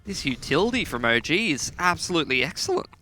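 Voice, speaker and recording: A man's voice: a little high, sing-song, fast, noisy background. Tired, playful male color commentator. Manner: playful, banters with co-casters, laughs often. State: tired, up before dawn.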